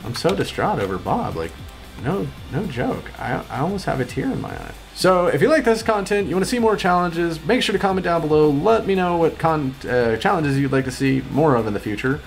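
A man hosting a gaming video, giving excitable gameplay commentary and yelping high when things go wrong. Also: a little fast, vocal fry, faint music behind. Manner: excitable, yelps high-pitched when upset.

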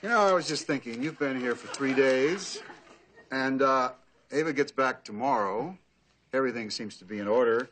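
A man's voice: medium pitch, normal speed, natural voice. An actor playing an exasperated father in a sitcom. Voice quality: exasperated, wry. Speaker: Wood Newton, father. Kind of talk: sitcom acting. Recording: TV sitcom audio with loud noise.

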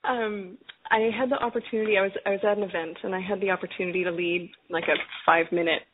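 A woman's voice: medium pitch, steady tone, fast, noisy background. A woman guest in casual conversation who talks with enthusiasm, often laughs and repeats her words. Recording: tinny phone line.

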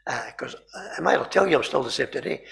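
Brief: man preaching in a chapel, lively swooping delivery, fry in the voice, restarts his words often. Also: mid-range voice, moderate pace. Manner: animated storytelling with frequent repeated words and throat-clearing. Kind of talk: sermon.

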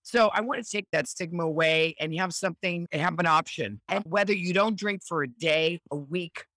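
A middle-aged woman speaking as a podcast guest in a casual, earnest and encouraging way, slowly leading affirmations. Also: lowish voice, a bit bright, no room sound. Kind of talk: casual motivational chat.

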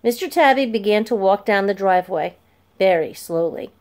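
A woman narrating a children's chapter book aloud in a clear, steady storytelling voice. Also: medium pitch, brisk.

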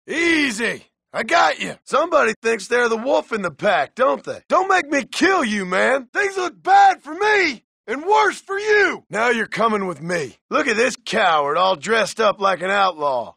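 John Marston, a gravelly gunslinger. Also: male voice, very high voice, bright, forceful tone, no echo, heavily acted. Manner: barking threats and dry taunts. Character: gruff hardened male frontier gunslinger. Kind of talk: video game voice acting.

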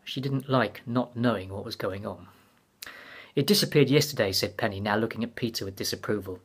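Husky man reading a mystery. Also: lowish voice, fairly even intonation, a little fast, fairly bright tone. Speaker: author. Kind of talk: reading his novel aloud.

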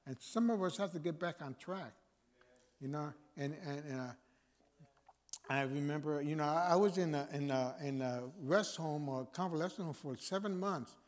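A man's voice: fairly high pitch, moderate pace. A man speaking as a guest chaplain, preaching informally to a men's meeting with repeated phrases and fillers. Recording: long reverb of a hall.

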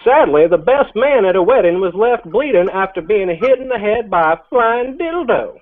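Guy doing a drawl fake news anchor, dead serious delivery, lively pitch, tinny call audio. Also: normal speed. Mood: mock-solemn. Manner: over-serious headline reading, stifling laughs. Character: mock local news anchor, man with a drawl. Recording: phone-like video call line, faint noise.

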